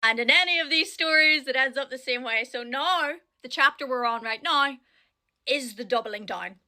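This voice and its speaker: A woman's voice: high voice, moderate pace, bright, forceful tone. A woman from Northern Ireland with a Northern Irish accent, giving casual commentary as she tells a story, chatty with frequent tag questions. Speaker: online commentator.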